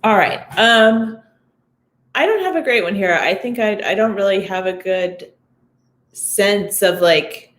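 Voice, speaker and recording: A woman's voice: medium pitch, expressive, unhurried, fairly bright tone. A woman speaking hesitantly in a casual chat about parenting. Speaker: parenting magazine contributor. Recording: echoey room.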